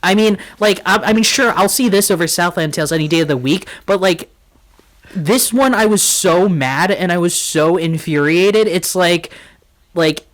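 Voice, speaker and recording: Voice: medium pitch, normal speed. A podcast co-host in casual film-review chat, ranting in anger with heavy swearing and constant filler words.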